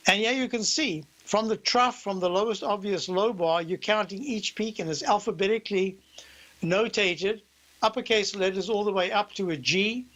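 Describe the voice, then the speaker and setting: A man's voice: high voice, fairly bright tone, low-quality recording. An older man with a South African accent, hosting a radio show and walking listeners through market charts in a rambling, conversational way. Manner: rambling, conversational, explains slowly. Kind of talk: market commentary.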